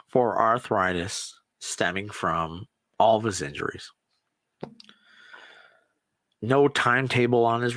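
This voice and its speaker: A man hosting a podcast, chatting casually and excitably about sports and swearing now and then. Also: on the low side, no echo. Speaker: podcast host. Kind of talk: casual solo chat.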